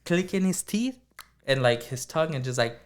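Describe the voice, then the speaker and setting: A man co-hosting a podcast, telling a story in a casual, animated way with lots of filler words. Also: on the high side, normal speed. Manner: animated, acts out dialogue, many fillers like "like". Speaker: podcast co-host.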